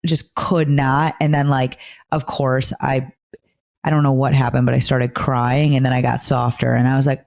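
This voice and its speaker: Animated, foul-mouthed podcast host. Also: mid-range voice, normal speed, vocal fry. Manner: animated, profane storytelling. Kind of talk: casual podcast conversation.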